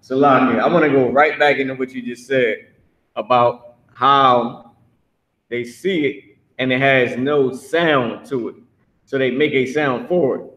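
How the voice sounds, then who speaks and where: A man's voice: mid-range voice, steady tone, unhurried, a bit bright, low-quality recording. A man teaching a class, blunt and emphatic, swearing freely as he explains.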